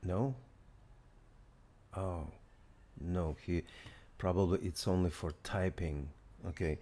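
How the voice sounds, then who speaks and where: A man hosting a casual software demo, excited and thinking aloud as he tries things out. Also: sits low, slow, pauses often. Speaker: host.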